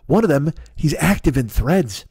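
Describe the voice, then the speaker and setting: A man's voice: a little high, lively intonation, moderate pace, a little mellow, husky, dry recording. A man in his fifties hosting a solo comedy podcast, rambling through a profane, sarcastic rant. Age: 50s.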